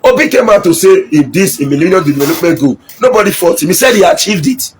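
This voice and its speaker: A man's voice: sits high, expressive, fast talker, soft background music. A middle-aged Nigerian man giving an impassioned political speech, mixing Pidgin with English and repeating his points for emphasis. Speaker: local politician.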